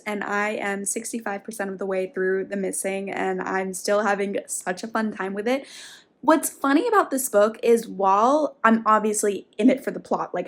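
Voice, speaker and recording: A young woman in her twenties chats through a casual reading vlog. She talks fast and excitedly. Her voice sits a little higher than most. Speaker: book vlogger.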